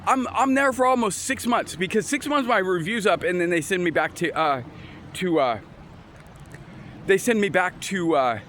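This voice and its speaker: A man with a high-pitched voice tells his story outdoors in a loose, rambling way, stopping and restarting sentences as he goes. Faint traffic and street noise sit behind him on a windy, overcast day. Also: animated, moderate pace, fairly bright tone. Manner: rambling, restarts, acts out quoted exchanges. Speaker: storyteller sharing his testimony. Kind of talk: casual personal testimony.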